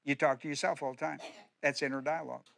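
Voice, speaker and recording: Emphatic preaching man, bright voice. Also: fairly high pitch, level tone, fast, creaky. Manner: emphatic, repetitive preaching with direct questions to the congregation. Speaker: pastor. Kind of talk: sermon.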